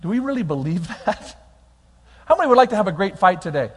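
A man preaching a lively sermon as pastor, swinging between quiet reflection and loud exhortation. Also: high-pitched, quick pace, slightly rough. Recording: long hall reverb.

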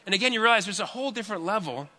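Fast, bright-voiced pastor in a reverberant hall. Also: male voice, sits high. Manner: animated, chatty storytelling with fillers. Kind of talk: storytelling sermon.

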